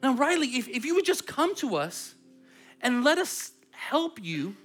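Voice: high voice, very animated, unhurried, a bit bright, faint music behind. A pastor and parent preaching a sermon in a conversational, playful way. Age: adult parent.

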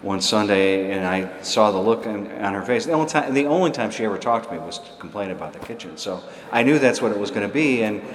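A man preaching a sermon as a priest, telling a story in a conversational, halting way with many restarts. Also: fairly low pitch, lively intonation, roomy sound, big-room sound, a little hiss or hum.

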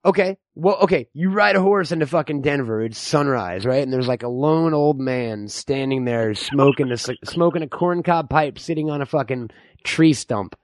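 A man hosting a radio comedy bit, crude and joking, talking fast with restarts. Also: medium pitch, expressive, dry recording, studio quality. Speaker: radio host. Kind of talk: improv comedy chat.

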